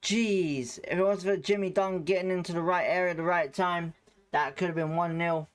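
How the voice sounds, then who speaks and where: Excitable man hosting a football watchalong. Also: sits high, moderate pace, clean tone. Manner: excitable play-by-play, greeting chat viewers. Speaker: watchalong host. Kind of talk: live football watchalong commentary.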